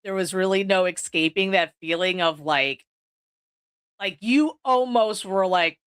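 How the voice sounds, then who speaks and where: A woman's voice: fairly low pitch, measured pace, a bit bright, smooth. A woman hosting a podcast, recapping a horror movie in a casual way, swearing freely and filling her sentences with "like.". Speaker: podcast host. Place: indoors, recording on video.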